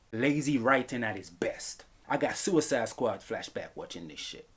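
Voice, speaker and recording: A man reviewing a film in a comedic vlog, animated and profane, laughing often. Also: mid-range voice, normal speed, few pauses, breathy edge.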